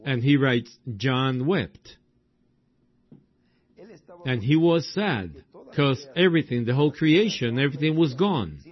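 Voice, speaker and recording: A man preaching a sermon in a slow, drawn-out way, breaking into exclamations. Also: mid-range voice, lively intonation. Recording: dull lo-fi recording.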